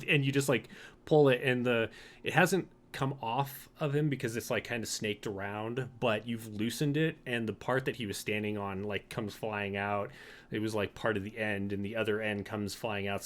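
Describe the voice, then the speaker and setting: A man's voice: lowish voice, steady tone, normal speed. A man narrating a tabletop game as game master, in a loose, chatty way. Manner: loose and conversational, many fillers.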